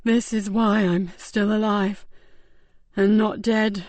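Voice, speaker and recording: Lady narrator doing a dying man, barely whispering, slow and broken up, gasping for air, dry close sound. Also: medium pitch, little pitch movement, a little mellow, no echo, natural voice. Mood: weak pleading. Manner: faint, halting, breathy near-whisper. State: out of breath. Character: dying tortured man, weak and pleading.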